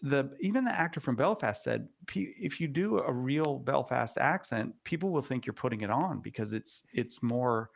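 A man hosting a radio talk show, chatting in a relaxed, joking way with plenty of filler words. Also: medium pitch, normal speed, creaky, few pauses.

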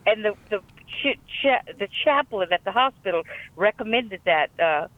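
A woman's voice: medium pitch, animated, normal speed, no echo. A woman with a Louisiana accent, calling in to a talk show and telling a family story in a chatty, rambling way. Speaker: caller. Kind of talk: call-in phone chat. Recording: tinny phone line.

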